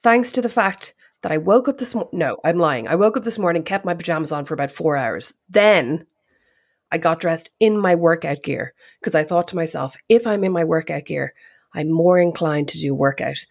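A podcast co-host chats casually, teasing herself as she goes. Her low, slightly rough voice has vocal fry and moves at a normal speed.

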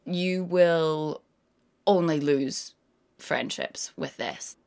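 With a low-pitched, clean-toned voice, a guest actor in her thirties speaks extremely slowly in a casual interview. Her stories are animated, and she drops into quoted voices as she tells them.

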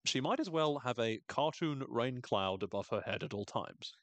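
A man's voice: medium pitch, expressive, moderate pace, no echo. A man hosting a podcast, recapping a TV episode in a wry, chatty way with frequent laughs. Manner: wry, chatty, laughs often, quotes characters in funny voices. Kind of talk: casual chat.

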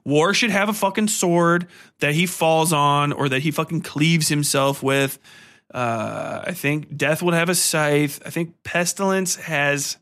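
Male podcast host, young adult, loose profane rambler, bright, slightly high voice. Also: unhurried. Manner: profane, rambling, animated storytelling with sung bits. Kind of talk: casual film review rant.

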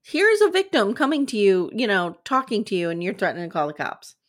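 A young adult woman co-hosting a talk podcast, recounting a story step by step in an earnest, conversational way. Her voice sits at an ordinary middle pitch, neither high nor low. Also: big pitch swings, a little fast. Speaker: podcast co-host. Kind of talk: casual recap chat.

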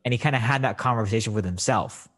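A man's voice: on the low side, fast talker, fairly bright tone. A man in a casual chat about a film, rambling with lots of "like" and fillers. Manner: rambling, filler-heavy, frequent "like". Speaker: film discussion co-host.

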